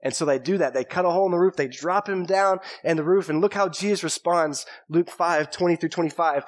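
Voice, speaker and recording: A male pastor giving a sermon, telling stories from the Bible in a relaxed, chatty way. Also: fairly high pitch, fairly quick, hardly any pauses. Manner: conversational storytelling preaching. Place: church.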